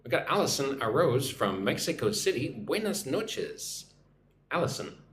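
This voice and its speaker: A man's voice: medium pitch, expressive, a little fast, a bit bright, roomy sound, a little hiss or hum. A man who teaches English online, chatting on a live stream, reading out viewer comments and greeting them in their own languages. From United States.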